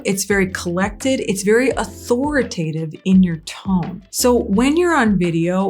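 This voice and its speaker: A middle-aged woman coaching public speaking straight to camera, energetic, asking the viewer questions and dropping her voice low on key points. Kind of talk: direct-to-camera coaching talk.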